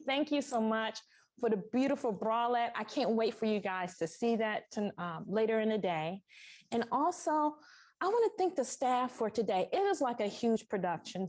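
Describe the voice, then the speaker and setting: A woman's voice: a little high, expressive, normal speed, a little mellow. A woman sewing instructor welcoming a live class in an echoey sewing studio, emotional and thankful, a little congested from sinus trouble. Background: construction noise next door.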